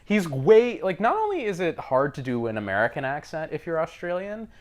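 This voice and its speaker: A man co-hosting a casual film-discussion podcast, animated and laughing often. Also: fairly high pitch, fairly quick. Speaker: podcast co-host.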